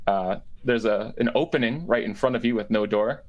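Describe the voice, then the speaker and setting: A man's voice: lowish voice, normal speed, highs cut off. A man running a tabletop game as game master, describing rooms with lots of fillers and self-corrections.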